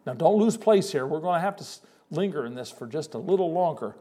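A man preaching a sermon, emphatic and folksy, pausing and repeating words as he builds a point. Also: a little high, expressive, warm tone. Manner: folksy, addresses listeners as folks.

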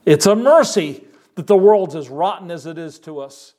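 Male pastor, fairly high voice; urgent sermon delivery with loud peaks and quiet asides. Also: animated, moderate pace. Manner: earnest, urgent preaching with sudden loud rises and soft drops.

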